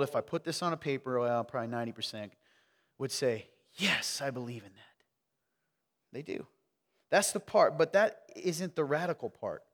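A man from the South, preaching a sermon and quizzing his congregation, swinging between loud emphasis and hushed asides. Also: on the high side, long reverb tail. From American South. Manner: energetic, questioning the crowd, wide swings from loud to hushed. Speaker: pastor. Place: church sanctuary.

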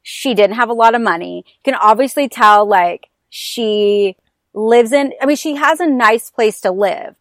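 A woman's voice: a little high, a little slow, no echo. A woman guesting on a podcast, chatting casually and acting out drama scenes with sassy, emphatic storytelling. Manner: animated storyteller who acts out scenes. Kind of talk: casual chat about TV dramas.

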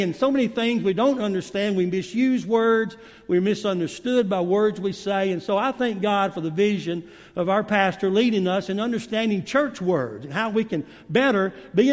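High-voiced preacher. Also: male voice. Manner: warm, folksy storytelling with many fillers. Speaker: guest preacher. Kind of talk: sermon. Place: church sanctuary. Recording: long reverb of a church hall.

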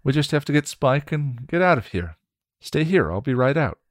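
A man's voice: a little high, big pitch swings, normal speed, no room sound, studio quality, pitched above the performer's own voice. A man voicing a brave, kind young witch who soothes and reassures with determination. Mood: determined.

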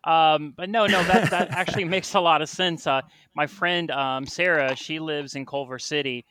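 Bright-voiced Southern podcast host. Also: male voice, on the high side, steady tone, clear, resonant tone, dry recording. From American South. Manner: easygoing, quick agreeing replies. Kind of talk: casual podcast chat.

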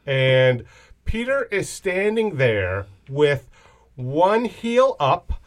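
A man's voice: on the high side, very animated, very slow. A man co-hosting a podcast, telling a story in a playful, joking way. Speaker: podcast co-host. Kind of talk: casual chat.

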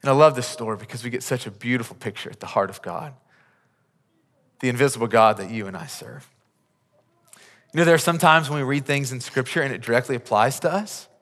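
In a big church auditorium, a man delivers a sermon as pastor with a mid-range, fairly bright voice, speaking briskly but pausing often. Earnest and pleading, he repeats words to build each point, and the sanctuary adds a long hall reverb.

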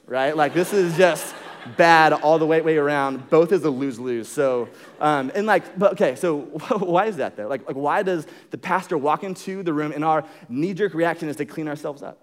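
A young man delivers a sermon in a relaxed, conversational way. His voice sits a little high, and he tells jokey stories with many fillers and quick restarts. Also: slight background noise. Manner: jokey storytelling. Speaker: pastor.

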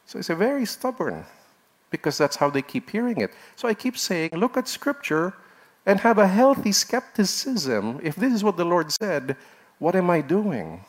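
A man's voice: sits high, big pitch swings, normal speed. Earnest male preacher. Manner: earnest, exhorting, rises sharply when emphatic. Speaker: pastor. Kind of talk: sermon.

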